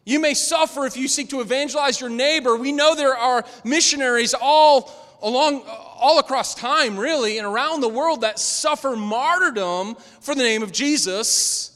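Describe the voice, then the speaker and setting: A man preaching a sermon to a room, rising to loud emphatic lines and dropping to low, quiet asides. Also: normal speed. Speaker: pastor. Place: large room with a congregation. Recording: echoey hall with long reverb.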